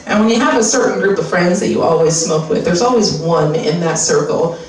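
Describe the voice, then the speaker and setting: A woman's voice: on the low side, expressive, a little fast. A woman putting on the voice of a pushy skincare advertiser in a stand-up bit. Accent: American. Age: 30s. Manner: brash, profane, conversational storytelling. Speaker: stand-up comic. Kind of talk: stand-up comedy set. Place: live comedy venue with audience. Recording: echoey room recorded from far off, crowd noise.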